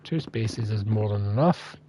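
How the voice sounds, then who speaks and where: A man's voice: lowish voice, lively intonation, moderate pace, background noise. A man hosting a gaming livestream, chatting casually and self-deprecatingly as he thinks aloud through the game. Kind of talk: casual gameplay commentary.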